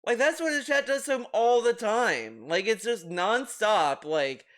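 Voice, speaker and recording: A man's voice: sits high, expressive, a little slow, a bit bright. A man hosting a commentary video, reacting with rambling, restarting sentences, swearing and laughing.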